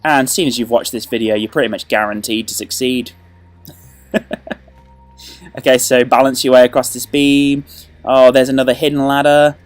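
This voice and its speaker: A man hosting a video game walkthrough, joking and playful, with sudden excited outbursts. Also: medium pitch, moderate pace, long pauses. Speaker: let's play host.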